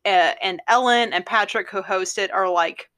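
Bright chatty woman cohosting a podcast, lots of uhs and likes. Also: medium pitch, normal speed. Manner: chatty, laughs often, fillers. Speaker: podcast co-host. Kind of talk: casual chat.

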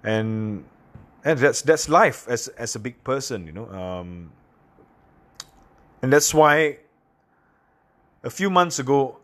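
A man from Singapore, hosting a podcast and telling personal stories in a candid, halting, self-deprecating way. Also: mid-range voice, animated, a bit bright. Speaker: podcast host. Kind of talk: casual personal monologue.

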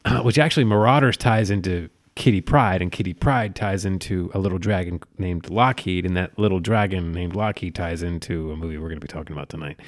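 Male podcast co-host, low-pitched, jokey and digressive, dry close mic. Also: no room sound. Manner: rambling, jokey, slips into quick impressions. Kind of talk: casual chat.

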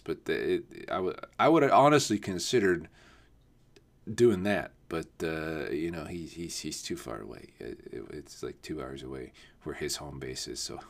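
A man's voice: low-pitched, very animated, normal speed, a bit bright. A man rambling in a casual solo podcast, swearing often and laughing at himself. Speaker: podcast host. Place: home, not on camera.

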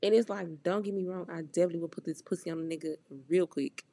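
A woman's voice: lowish voice, steady tone, fast, gravelly, warm tone, dry recording. A young woman hosting a podcast, telling a story in a blunt, profane, candid way and acting out the quoted dialogue. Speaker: podcast host. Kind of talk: casual storytelling monologue.

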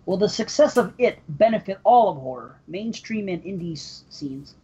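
A man's voice: high-pitched, normal speed, husky. A man hosting a podcast, reading listener emails and joking crudely in casual banter. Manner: crude, animated, laughs a lot. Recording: muffled lo-fi podcast audio.

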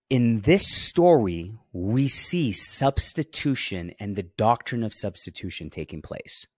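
Give me a man with a deep voice teaching the Bible on a podcast, emphatic and urging, recorded dry with no room sound. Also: breathy edge, no room sound. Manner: emphatic, stops to stress key words and urges listeners to pay attention. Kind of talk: Bible teaching podcast, reading scripture aloud.

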